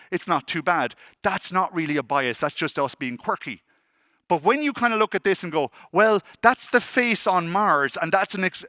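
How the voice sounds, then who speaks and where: Male conference speaker, lively storyteller, pitched a touch high, crisp and forceful. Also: dry recording, studio quality. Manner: animated, self-deprecating storyteller acting out dialogue. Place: conference hall stage.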